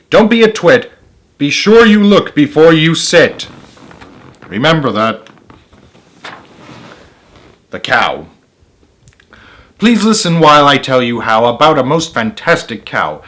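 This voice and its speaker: A man reading a children's rhyming story aloud in a lively, expressive way. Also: medium pitch.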